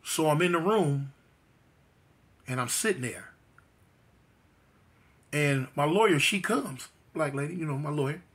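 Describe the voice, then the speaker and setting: A man sharing his personal testimony in a fairly high, forceful voice with a tense edge. He speaks emphatically and repeats phrases for weight. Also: animated, measured pace, long pauses. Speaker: guest telling his life story.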